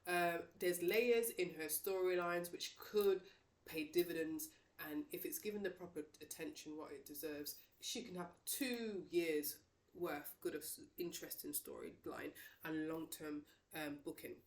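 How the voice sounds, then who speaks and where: A woman's voice: fairly low pitch, unhurried, roomy sound. A woman giving a casual, emphatic opinion monologue on wrestling, talking straight to her viewers. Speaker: wrestling commentator.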